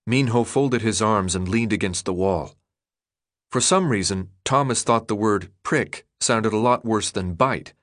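Narrating an audiobook, a man with a fairly low voice keeps a steady, measured delivery. It's recorded at studio quality without any room sound.

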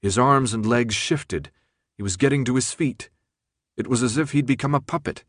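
A man reading a story aloud as an audiobook narrator, steady and measured. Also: medium pitch, no room sound, studio quality. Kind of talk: scripted narration.

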